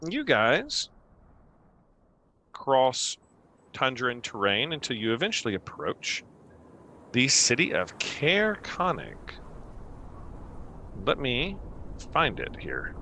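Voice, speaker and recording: A man's voice: mid-range voice, huge pitch swings, slow pace, pauses often, bright, forceful tone, slight background noise. A man narrating a tabletop game as game master, meandering with many fillers.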